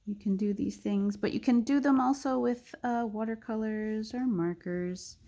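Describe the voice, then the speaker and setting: A young woman narrating a casual drawing tutorial, chatty and thinking aloud with soft muttered asides. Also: a little high, moderate pace.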